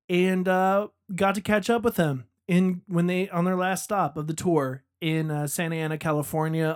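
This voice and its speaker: A man's voice: high-pitched, smooth. A man hosting a podcast in a chatty, rambling, enthusiastic way. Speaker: podcast host. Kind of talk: casual podcast monologue.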